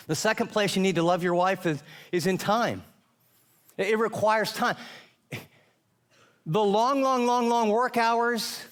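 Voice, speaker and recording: A man's voice: sits high, a bit bright. Earnest man preaching with emphasis. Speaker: pastor. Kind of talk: sermon.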